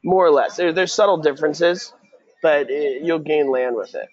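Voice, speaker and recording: A man's voice: fairly high pitch, moderate pace, no room sound, highs cut off. A man tutoring a student for a real estate exam in a casual question-and-answer session, quizzing and encouraging.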